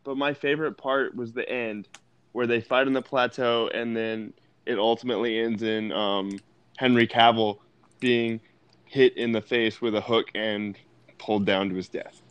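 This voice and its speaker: Man, smooth voice, hesitant podcast co-host, dull dry recording. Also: medium pitch, steady tone, normal speed, no echo. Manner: hesitant, many restarts. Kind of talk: casual movie review chat.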